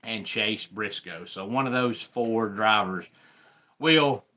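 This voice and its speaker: Southern man, bright forceful voice. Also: lowish voice. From American South. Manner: unhurried, greets viewers by name. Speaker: sports talk host. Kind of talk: live stream chat.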